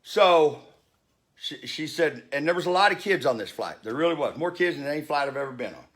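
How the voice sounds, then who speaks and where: A man's voice: fairly high pitch, expressive, a little fast, fairly bright tone. A man in his fifties telling a story in a heated rant, blunt and profane. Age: 50s. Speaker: vlogger.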